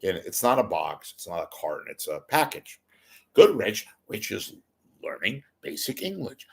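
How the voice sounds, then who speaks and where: Rambling, joking older man, lowish voice. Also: big pitch swings, normal speed, vocal fry, darkish tone, husky. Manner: rambling, self-deprecating joking. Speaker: livestream host. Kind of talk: casual chat.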